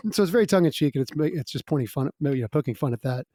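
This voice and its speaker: A man's voice: a little high, animated, rapid-fire, dark tone, dry recording. Chatty man with a dry, close sound. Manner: chatty, laughs between lines, many fillers. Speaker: musical guest. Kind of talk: casual storytelling interview.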